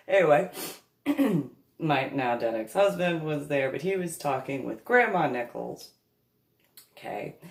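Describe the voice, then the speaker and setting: A woman, a comedic storyteller, recounts a funny family anecdote, laughing often as she goes. Her creaky voice is bass-deep and carries in an echoey room.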